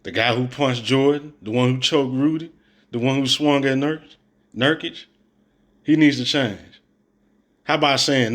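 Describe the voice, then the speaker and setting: A man's voice: medium pitch, unhurried, long pauses, bright, forceful tone. A man reacting to a coach's press conference clips, blunt and exasperated, full of slang and mockery. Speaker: sports commentator reacting to clips. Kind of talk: opinionated reaction commentary.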